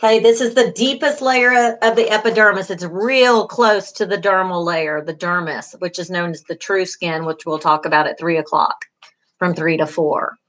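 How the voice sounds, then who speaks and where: A woman's voice: fairly low pitch, normal speed, a bit bright. A middle-aged woman, a beauty school instructor giving an online class lecture, encouraging, with many fillers, repeating key terms.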